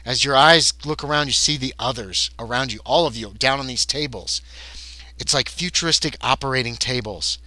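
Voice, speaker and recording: A man running a tabletop horror game as game master, narrating in an animated way with some filler restarts. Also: mid-range voice, normal speed, dry recording.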